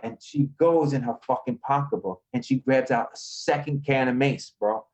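A man from Queens, a podcast guest telling rough street stories in a swaggering, profane way over a video call. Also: mid-range voice, normal speed, a little mellow, low-quality recording. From Queens, New York. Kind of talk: casual storytelling.

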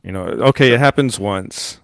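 A man's voice: mid-range voice, moderate pace, fairly bright tone, dry recording. A man co-hosting a podcast in casual chat, rambling with many fillers and restarts and laughing often. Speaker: podcast co-host.

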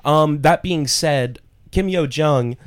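A man's voice: a little high, slow pace. A man co-hosting a comedy podcast in a rambling, ironic way with many fillers. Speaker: podcast co-host. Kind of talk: casual comedy chat.

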